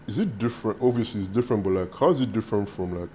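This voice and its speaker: A man co-hosting a podcast in relaxed casual chat, asking questions and leaning on filler words. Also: on the low side, rapid-fire, slight background noise. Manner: relaxed, many filler likes, asks questions. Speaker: podcast co-host.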